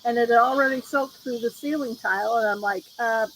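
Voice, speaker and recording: A woman's voice: fairly high pitch, fairly quick, slight background noise, rough recording. A woman chatting casually on a livestream from outdoors, telling rambling stories and acting out what other people said, recorded on a phone. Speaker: livestream host. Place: outdoors near a road at night with insects. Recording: crickets and insects loud behind.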